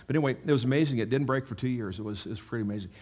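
A man's voice: mid-range voice, very fast, a little mellow, husky. A male pastor giving a sermon in a church, chatty and self-mocking, with frequent asides to the congregation.

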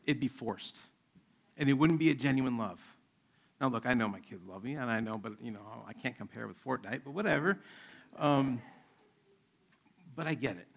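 Man, pastor, sermon, gravelly, conversational, middle-aged. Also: mid-range voice, expressive, moderate pace, long pauses. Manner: conversational preaching, acts out his kids' voices.

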